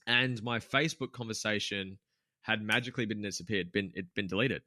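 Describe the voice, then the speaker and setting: A man's voice: on the low side, brisk, bright, forceful tone, dry recording, clean studio sound. A man in his twenties, a podcast guest and gym owner, telling a candid story with lots of swearing, fillers and restarts. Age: 20s. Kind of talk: casual storytelling interview.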